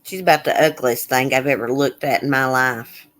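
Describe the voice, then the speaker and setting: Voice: mid-range voice, steady tone, moderate pace, fairly bright tone. Blunt, indignant live-stream host. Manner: chatting with viewers in the chat. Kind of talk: casual live-stream commentary, reading news aloud.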